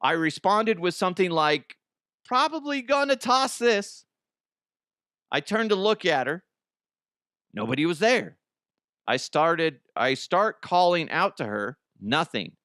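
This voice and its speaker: Excitable swearing male podcast host. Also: a little high, measured pace, no room sound, studio quality. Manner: excitable, laughs often, swears freely. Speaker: podcast host reading listener stories. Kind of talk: comic commentary on listener stories.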